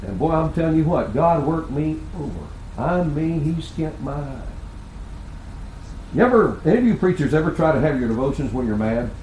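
A man's voice: on the high side, sing-song, normal speed, darkish tone, slight background noise. An older man preaching a sermon to pastors, with earnest, folksy storytelling.

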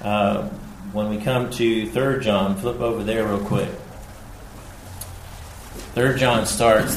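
A man preaching a sermon, slow and emphatic, repeating his key phrases. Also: fairly low pitch, steady tone, a little hiss or hum. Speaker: pastor. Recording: echoey room with faint ambience.

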